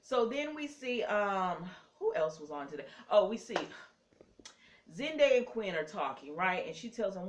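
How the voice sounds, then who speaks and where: A woman's voice: mid-range voice, animated, measured pace, a little hiss or hum. A woman casually recapping a soap opera episode for her viewers, chatty and sassy, with frequent ums and self-corrections.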